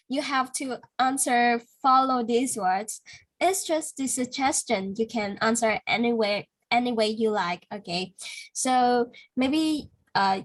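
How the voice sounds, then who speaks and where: Vietnamese-accented woman tutoring, higher voice. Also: poor audio. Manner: patient, corrective, many "like" fillers. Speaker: English speaking tutor. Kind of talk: one-to-one speaking lesson.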